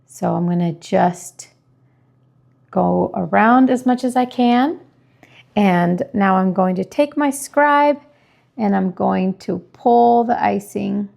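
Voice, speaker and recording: A woman calmly explaining each step of decorating a cookie with icing as she works. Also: medium pitch, vocal fry. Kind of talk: step-by-step tutorial narration.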